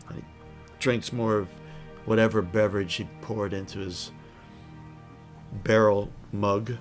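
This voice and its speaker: A man running a tabletop game, describing the scene in a relaxed, meandering way with plenty of hesitations. His voice sits fairly low, with faint music underneath. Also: unhurried. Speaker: game master.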